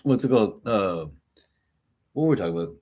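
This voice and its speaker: Halting man picking a topic back up. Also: lowish voice, expressive, mellow. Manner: short reactions, then halting and searching for words. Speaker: podcast co-host. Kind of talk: casual chat.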